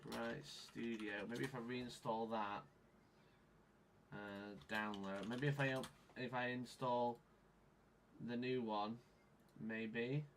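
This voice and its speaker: A man's voice: mid-range voice, fairly bright tone, slight background noise. Frantic, swearing man. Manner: frantic, swearing, muttering to himself. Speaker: live streamer. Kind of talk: livestream chat. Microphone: onboard camera microphone.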